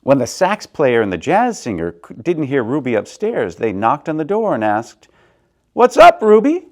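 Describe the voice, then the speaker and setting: A man reading a children's picture book aloud, swinging between soft and loud in an expressive way. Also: medium pitch, moderate pace. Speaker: storyteller, theater director.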